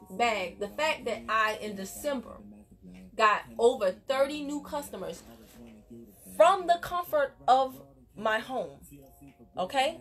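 A woman's voice: a little high, fairly bright tone. A woman network marketing coach giving an emphatic, preachy motivational talk while unboxing on a casual vlog, recorded on a phone at home. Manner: emphatic, preachy, motivational, addresses viewers as y'all. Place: room at home.

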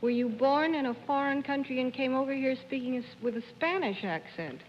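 Female panelist, deliberate questions, dull reverberant old TV audio. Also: high-pitched, expressive. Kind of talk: quiz questioning on a TV panel show. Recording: dull 1950s TV broadcast, hall reverb, faint hiss.

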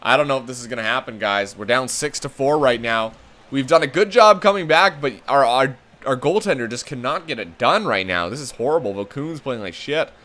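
A man's voice: medium pitch, animated, a little fast, bright, forceful tone. A man commenting on his own hockey video game play, calling the action like a broadcaster and swearing when it goes wrong. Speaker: gaming channel host.

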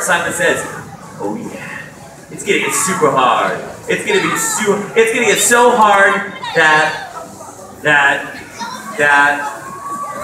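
A man's voice: a little high, noisy background. A man DJ hosting a dance party game for kids, joking and teasing the crowd as he calls out commands. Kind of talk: playful crowd hosting on a mic. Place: outdoor public event space. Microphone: handheld mic over a PA system. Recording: far-off echoey PA sound with loud crowd ambience.

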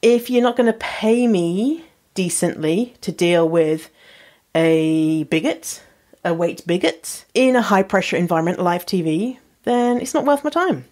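A woman podcast host getting over a cold, her voice slightly husky, chatting frankly and laughing often. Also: on the low side, animated, unhurried, darkish tone. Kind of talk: casual podcast chat.

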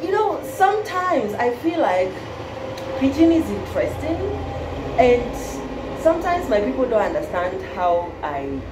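A woman from Kenya, vlogging in casual chat, playful and laughing often, mixing in Nigerian Pidgin phrases. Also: medium pitch. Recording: roomy echo with faint background hiss.

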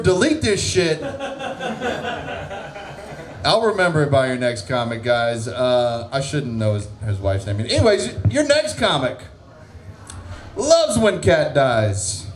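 A man's voice: a little high, big pitch swings, a little slow, a crowd in the background. A man guest-hosting an open mic, rambling between acts, swearing and correcting himself. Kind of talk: casual stage banter. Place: comedy venue stage.

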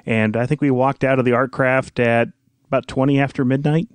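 A man guesting on a podcast, chatting eagerly with a few halting restarts. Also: medium pitch, fairly even intonation, clean tone, dry recording. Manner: eager, a bit halting, fond of the films. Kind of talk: casual chat.

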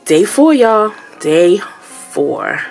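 A woman's voice: medium pitch, big pitch swings, extremely slow, gravelly, darkish tone, soft background music. A woman vlogger unboxing products, gushing and exclaiming as she chats casually to her viewers at home. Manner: gushing, exclamatory, keeps addressing viewers as y'all.

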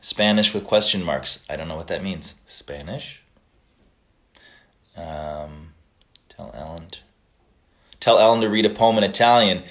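Speaking low and unhurried, with long pauses, a man runs a casual livestream. He reads out greetings and comments from viewers, replies in a relaxed manner, and occasionally slips into Italian.

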